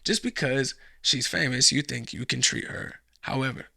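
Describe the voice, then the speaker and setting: A man's voice: mid-range voice, normal speed, creaky, bright, forceful tone, slightly rough, no room sound, clean studio sound. A man hosting a reaction show, giving blunt, profane commentary on a video clip.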